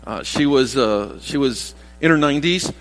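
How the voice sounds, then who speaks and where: A man's voice: mid-range voice, expressive, normal speed, faint music behind. A man in his sixties, a pastor giving a rambling, folksy sermon full of restarts and asides. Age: 60s. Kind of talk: conversational sermon. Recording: long reverb of a church hall.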